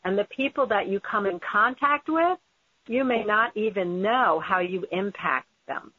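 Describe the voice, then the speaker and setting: A woman's voice: medium pitch, measured pace, breathy edge, no echo. A woman hosting an interview, speaking in an earnest, emphatic and encouraging way. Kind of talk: conversational interview. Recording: phone-like tinny audio.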